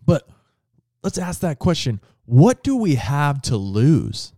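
A man's voice: on the high side, big pitch swings, takes it slowly, mellow, no echo, clean studio sound. A man co-hosting a casual faith podcast, asking searching questions. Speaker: podcast co-host.

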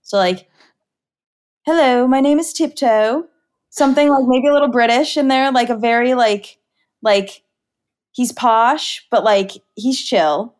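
A woman's voice: fairly high pitch, measured pace. A woman from California, a pet-owner guest in a casual interview, talking in a bubbly, giggly way with lots of "like". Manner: bubbly, giggly, heavy use of "like".

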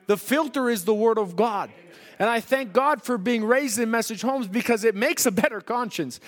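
High-voiced preacher in a reverberant hall. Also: male voice, normal speed. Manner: emphatic preaching that swings between loud and hushed. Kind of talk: sermon.

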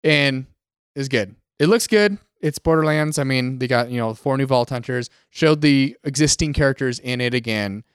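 A man, co-hosting a casual gaming podcast and retelling events in an animated way. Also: medium pitch, normal speed, smooth, dry recording, clean studio sound. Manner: animated storyteller, acts out quotes. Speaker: podcast co-host.

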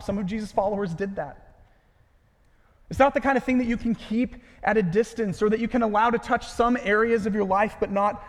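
A man preaching a sermon, earnest and emphatic, often dropping to a hushed voice at the ends of phrases. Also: sits high. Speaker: pastor. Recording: long hall reverb.

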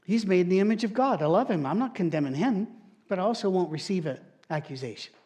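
A man's voice: high voice, lively intonation, fast, mellow. A male pastor, preaching a sermon and telling stories with strong emphasis. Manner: storytelling, emphatic, mock-quotes others in shifted voices.

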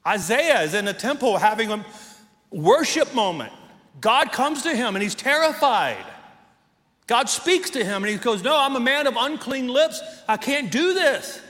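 Middle-aged man, pastor, sermon, high voice, emphatic rhetorical questions, light humor, church hall reverb. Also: pushed and bright. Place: church sanctuary.

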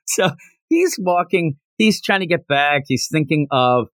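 A man hosting a casual podcast, recapping a manga chapter with jokes and frequent laughs, slipping into quick character voices. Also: a little high, no echo, clean studio sound. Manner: animated, slips into character voices while retelling scenes; joking, laughs often. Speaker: podcast host.

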